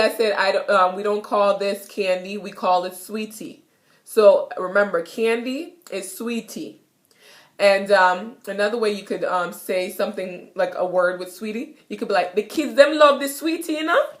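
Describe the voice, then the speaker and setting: A woman's voice: medium pitch, steady tone, a bit bright. Chatty Jamaican woman teaching slang. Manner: chatty, repeats each phrase slowly. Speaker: language teacher vlogger. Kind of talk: casual video lesson. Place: her apartment. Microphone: self-recorded camera.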